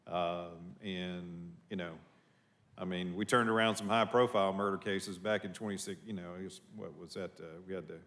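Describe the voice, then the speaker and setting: Low-voiced halting male commissioner. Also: steady tone, a bit bright. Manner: halting, many fillers and restarts. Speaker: county commissioner. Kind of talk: public board meeting discussion.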